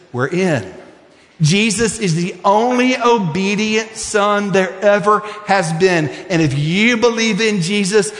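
High-voiced preacher in an echoing hall. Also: male voice. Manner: impassioned preaching, rising to shouts and dropping to hushed prayer. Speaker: pastor. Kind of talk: sermon. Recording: echoey hall with long reverb.

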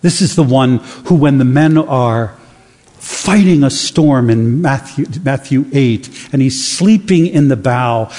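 A man preaching a sermon with dramatic, emphatic pauses. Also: mid-range voice, darkish tone. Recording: long reverb of a large hall.

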